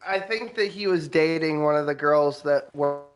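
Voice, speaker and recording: Male co-host, blunt and profane, chatty gamer, voice sits a bit high. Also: moderate pace, clean tone, soft background music. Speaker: podcast co-host. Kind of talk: casual chat while gaming.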